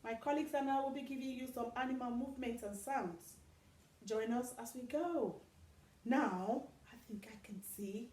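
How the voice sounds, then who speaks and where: A woman hosting a children's movement video, talking in a lively, sing-song way and making animal sounds. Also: high-pitched, moderate pace. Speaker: children's centre worker and host. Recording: roomy echo with faint background.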